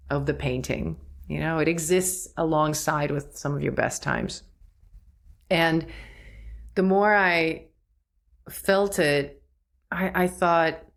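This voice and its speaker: A woman's voice: low voice, gravelly. A woman hosting a solo podcast, talking reflectively, laughing at herself and acting out quoted thoughts. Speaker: podcast host.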